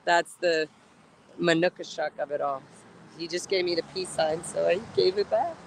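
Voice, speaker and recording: A woman's voice: fairly low pitch, normal speed, creaky, a little hiss or hum, poor audio. A woman livestreaming from a street outdoors, talking emotionally and chattily to her viewers.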